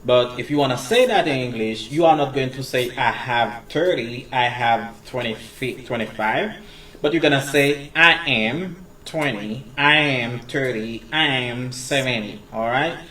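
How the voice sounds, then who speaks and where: A man's voice: mid-range voice, bright, forceful tone, recorded from a distance. Male English teacher. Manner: switches between English, French and Creole while explaining; slow, repeated pronunciation drills. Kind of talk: casual video lesson.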